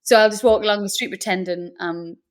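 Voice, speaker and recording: Woman guest, mid-pitched, chatty and giggly, self-deprecating. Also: fairly even intonation, a little fast. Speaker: podcast guest. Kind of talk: casual chat.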